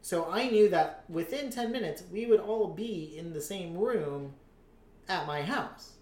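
A man's voice: sits high, lively intonation, unhurried, a little mellow. A man co-hosting a casual podcast chat, telling a rambling story full of cursing and filler words. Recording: roomy echo.

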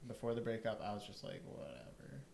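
A man's voice: medium pitch, a little fast, creaky, a little hiss or hum. A young man hosting a casual chat among friends, blunt and swearing freely.

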